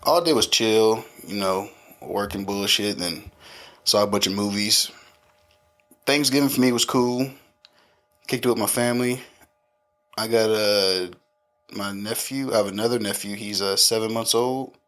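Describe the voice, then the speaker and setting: A man around thirty, a podcast co-host, casually telling profane, animated stories about his family and often laughing. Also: on the low side, measured pace, pauses often. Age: 30s. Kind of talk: casual chat.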